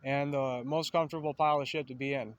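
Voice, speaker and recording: A man's voice: medium pitch, steady tone, fast talker, muffled recording. A man in a casual, rambling monologue, swearing freely and meandering through a running metaphor with self-aware asides.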